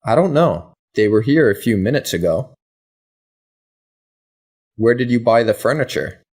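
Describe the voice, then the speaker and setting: A man reading practice questions and answers for English learners in a careful, even way. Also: medium pitch, measured pace, husky. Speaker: English lesson reader.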